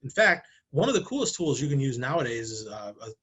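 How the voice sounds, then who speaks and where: Fast and sing-song, the medium-pitched voice is fairly bright with a breathy edge. A marketing director talks to camera for a talking-head marketing video, chatting casually, throwing out rhetorical questions, and acting out quick examples.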